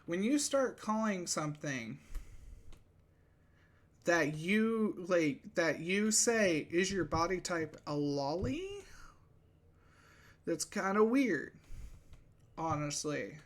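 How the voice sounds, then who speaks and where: A man's voice: sits high, very animated, slow, pauses often. A man, out of breath, giving a casual commentary rant from a room at home into a desk microphone, with sarcastic outbursts and offhand swearing. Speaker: VTuber commentator.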